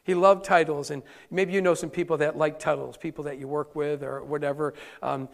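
A male pastor with a fairly high, creaky voice speaks briskly in a level tone, giving a conversational sermon and repeating key points for emphasis. The hall he's in is reverberant.

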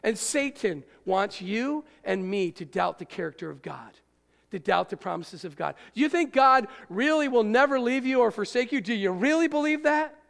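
A man preaching a sermon as a pastor, animated, throwing rhetorical questions at his congregation. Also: high voice, moderate pace, vocal fry, in a large hall.

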